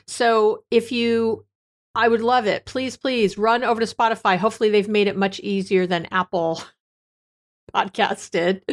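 A woman in her fifties, a psychologist hosting her own podcast, talking in a chatty, bubbly way with easy laughs and a slightly hoarse voice. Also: mid-range voice. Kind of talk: casual podcast chat. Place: her office.

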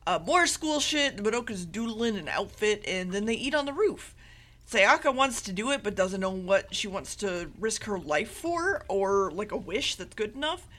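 A woman's voice: medium pitch, big pitch swings, moderate pace, fairly bright tone. A woman co-hosting a podcast, giving a rambling, casual anime recap with laughs and swearing. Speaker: podcast co-host.

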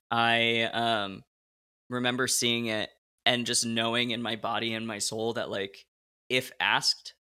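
A man hosting a podcast, relaxed and reflective, with plenty of "like" fillers. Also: medium pitch. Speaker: podcast host. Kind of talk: casual chat.

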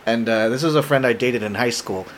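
A man's voice: medium pitch, brisk, slight background noise. A man co-hosting a podcast in casual chat, with dry, playful teasing. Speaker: podcast co-host.

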